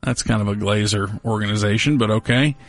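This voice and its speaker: A man's voice: lowish voice, steady tone, a little fast. A man co-hosting a casual talk show, rambling through odd news stories with a wry, joking manner. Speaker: co-host.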